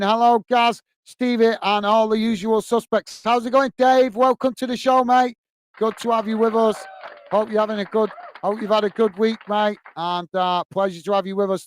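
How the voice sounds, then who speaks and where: A man hosting a football fan live stream, upbeat and full of repeated thanks as he reads out viewer comments. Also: sits high. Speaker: host of a football fan channel.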